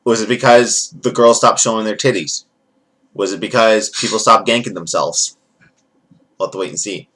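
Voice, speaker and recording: A man's voice: fairly low pitch, normal speed, a bit bright. A man giving a rambling, profane, jokey recap as a casual wrestling event reviewer.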